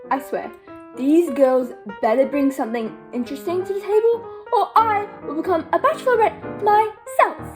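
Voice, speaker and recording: A woman's voice: very high voice, normal speed, music in the background. A teenage girl performing a comic solo stage scene as a gushing, exasperated reality show host. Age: teens. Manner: dramatic, gushing, exasperated asides. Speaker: student actor playing a reality show host.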